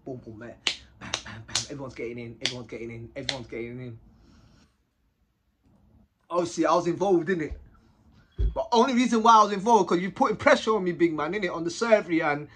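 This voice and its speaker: A young man telling a story to camera in a casual, animated, slang-heavy way, often tagging lines with short questions. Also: high-pitched, fast, slightly rough. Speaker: vlogger telling a prison story.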